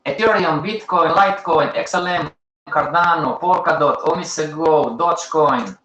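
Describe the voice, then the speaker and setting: A man's voice: fairly high pitch, normal speed, sharp tone, reverberant, lo-fi sound. A man with as a hosting a live teaching session, talking to his audience in short, emphatic, repeated phrases and chiding them. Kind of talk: casual live-stream teaching.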